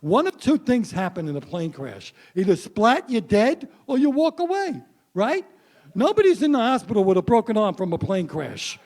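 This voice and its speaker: Stand-up comic, male, 60s, high-pitched, wry punchy delivery, works the room. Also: wildly swooping pitch, normal speed, darkish tone. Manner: punchy, wry, addresses the crowd. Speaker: stand-up comedian. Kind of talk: stand-up comedy set. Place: stage before a live audience.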